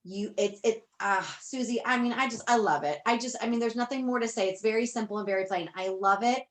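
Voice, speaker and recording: A woman business coach with a voice on the high side talks briskly to her team on a motivational call, gushing effusively and circling back to repeat her points chattily.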